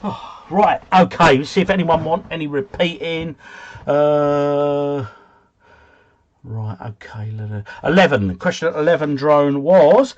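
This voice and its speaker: A man's voice: fairly high pitch, takes it slowly, highs cut off. A man hosting a casual quiz livestream from home, chatting, chuckling and answering comments from his viewers.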